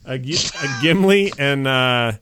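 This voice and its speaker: A man's voice: mid-range voice, expressive, a little slow, fairly bright tone, slight background noise. A man hosting a casual podcast, joking around and fumbling through his notes. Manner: joking, scattered, self-deprecating. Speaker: podcast host.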